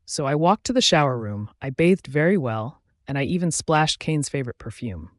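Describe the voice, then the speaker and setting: A man reading a first-person fantasy romance as an audiobook, in a steady, expressive voice. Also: a little high, normal speed, no room sound, clean studio sound. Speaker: audiobook narrator.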